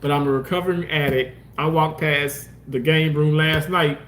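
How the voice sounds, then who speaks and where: A man hosting a casual livestream, reading comments and talking loosely, swearing often and jumping into exaggerated mock voices. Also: moderate pace. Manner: animated, swearing, swings into high mock voices. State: homeless, says so. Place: outdoors park.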